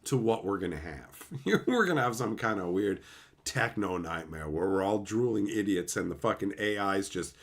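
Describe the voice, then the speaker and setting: A man's voice: lowish voice, normal speed. A man streaming casually, reading chat and ranting, with frequent swearing and voiced impressions. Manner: animated, swearing, mimics others.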